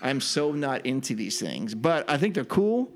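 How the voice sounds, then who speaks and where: A man's voice: medium pitch, very animated, normal speed, a little hiss or hum. A man co-hosting a podcast in casual chat, telling rambling anecdotes in a chatty way. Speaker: podcast co-host.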